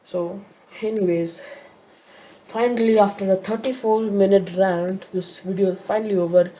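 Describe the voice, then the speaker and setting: Rambling woman with a mellow voice. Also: medium pitch, moderate pace. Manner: rambling, animated retelling with many fillers and restarts. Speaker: YouTuber telling a story. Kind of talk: casual story time.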